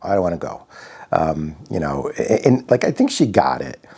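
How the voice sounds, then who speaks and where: A man from Connecticut telling a personal story in a reflective, halting way, often restarting his sentences. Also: sits low, very animated, a little mellow, breathy edge. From Connecticut, USA.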